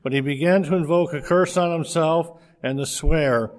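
A man reading a scripture passage aloud in a steady, measured way, with a few slips. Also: on the high side.

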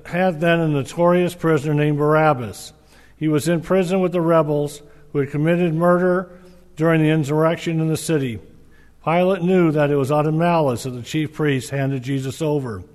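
A man's voice: fairly high pitch, a little mellow. Man reading scripture in an echoing hall. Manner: measured, earnest, with small slips. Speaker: scripture reader. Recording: reverberant hall.

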